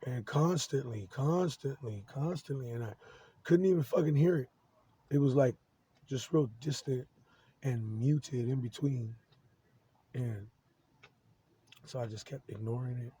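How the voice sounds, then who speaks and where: A man in his forties rambles through a personal monologue in a mellow, unbright voice. He swears nearly every line and trips over his own restarts, sounding worked up, with a faint hiss of noise behind him. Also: medium pitch, poor audio. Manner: profane, agitated, halting with many restarts.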